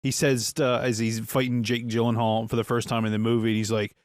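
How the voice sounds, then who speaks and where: A man's voice: mid-range voice, expressive, fairly quick, hardly any pauses, dry recording. A man co-hosting a podcast in rambling, laid-back casual chat, swearing now and then. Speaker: podcast co-host.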